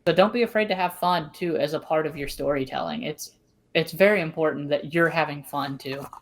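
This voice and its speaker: A woman from the American South with a Southern accent, hosting a casual podcast chat and telling stories in a relaxed, chatty way. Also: sits low, brisk. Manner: relaxed, chatty, storytelling with asides. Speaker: host.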